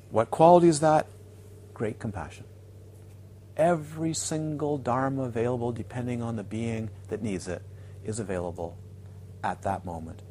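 Man, Buddhist teacher, dharma talk at a retreat, mid-pitched voice, playful, repeats words for emphasis. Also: slight background noise. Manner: playful, animated, mimics students' self-talk. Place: retreat centre teaching hall.

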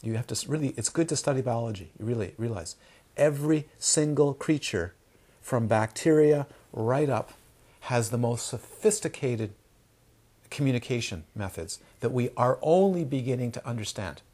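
A man's voice: medium pitch, moderate pace, husky. A man giving a Dharma talk to students, full of rhetorical questions and playful asides. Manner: animated, asks rhetorical questions, acts out crying babies. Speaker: Dharma teacher.

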